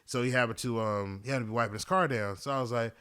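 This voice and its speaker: A young man recounts his day on a podcast, animated and full of swearing. His pitch is mid-range for a man, and his pace swings as he vents and repeats himself. He sounds casual and conversational throughout. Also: quick pace, clear, resonant tone. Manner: animated, profane, venting. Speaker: podcast host. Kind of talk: casual storytelling.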